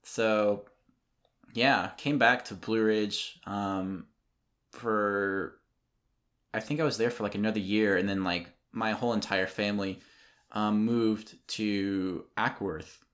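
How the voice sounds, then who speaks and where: Young guy with a lowish voice, rambling story w/ lots of ums, does mocking voices of people. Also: steady tone, slow, a bit bright. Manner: rambling with many ums and likes, mimics others mockingly. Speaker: podcast guest, photographer. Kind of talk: casual storytelling.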